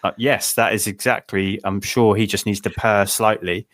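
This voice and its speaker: Wry low-voiced man, podcast guest. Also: fairly even intonation, moderate pace, fairly bright tone, no echo, studio quality. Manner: wry, dryly joking. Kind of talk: casual film discussion.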